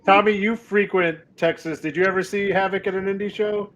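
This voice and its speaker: A man hosting a casual interview, dropping in quick, quiet questions. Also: sits high, fairly even intonation, lo-fi sound. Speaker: host.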